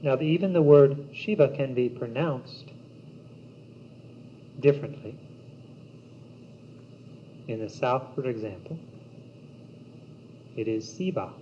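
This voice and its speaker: Man, yoga teacher, slow meditative phrasing, mellow tone; dull old cassette recording. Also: mid-range voice. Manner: slow, measured, meditative delivery with long pauses. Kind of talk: spiritual teaching talk. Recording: dull old cassette tape with faint hiss.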